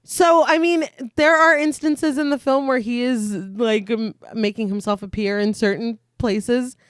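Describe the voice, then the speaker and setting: A woman's voice: fairly high pitch, a little slow, clear, resonant tone, dry recording, clean studio sound. A woman co-hosting a horror film podcast, switching between laughing casual chat and reading a scene recap aloud. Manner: animated, laughs often. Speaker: podcast co-host.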